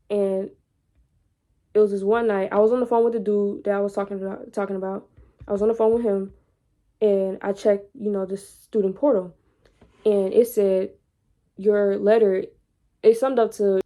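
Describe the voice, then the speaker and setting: A young woman vlogging, telling a personal story casually and animatedly, repeating words and growing loud when excited. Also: mid-range voice. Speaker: vlogger and entrepreneur.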